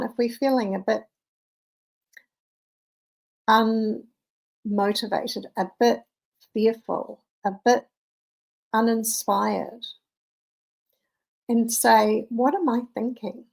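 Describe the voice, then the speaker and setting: A woman's voice: on the high side, steady tone, takes it slowly, gravelly, pauses often, a little mellow, rough recording. A woman in her fifties, a mindset coach, telling a personal story in an earnest, conversational motivational talk.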